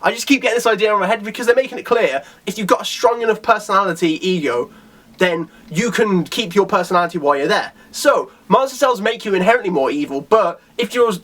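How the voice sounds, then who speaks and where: A man's voice: high-pitched, fast talker, fairly bright tone. A man giving a casual, rambling video review of a comic chapter, with lots of fillers and restarts.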